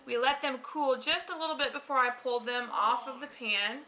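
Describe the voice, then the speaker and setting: Woman vlogger, high and bright, calm step-by-step kitchen instruction to a kid. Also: a little fast. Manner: patient step-by-step instructions, coaching a child. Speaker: home baking vlog host. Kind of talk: casual baking demonstration. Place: home kitchen.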